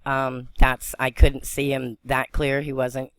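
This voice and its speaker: A woman from western Pennsylvania vlogging on a phone, excitable and rambling as she talks, often breaking into laughter. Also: extremely low pitch, slow pace, smooth, no room sound. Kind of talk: excited spiritual vlog narration.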